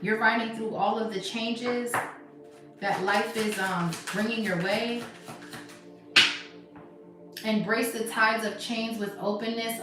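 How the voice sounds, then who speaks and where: A woman doing a live tarot reading in casual, slangy chat, talking emphatically and sometimes dropping to a soft hush. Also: mid-range voice. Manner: animated, emphatic, swings to soft hushed stretches. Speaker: tarot reader. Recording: echoey room, voice distant from mic, music behind. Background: background music.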